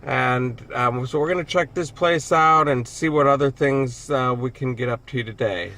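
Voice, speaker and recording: A man talks into his camera mic as he wanders a city neighborhood for his travel vlog. His pitch sits in the middle range, and he sounds chatty and a little self-deprecating, often restarting his sentences. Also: normal speed, pushed and bright, a little hiss or hum. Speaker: travel vlogger host. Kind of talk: casual travel vlog narration. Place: out and about in a city neighborhood and a bar.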